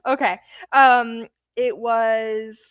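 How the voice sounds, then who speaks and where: Quick, apologetic woman player. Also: fairly high pitch, level tone, a bit bright, clean tone, no echo, muffled recording. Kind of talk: casual chat.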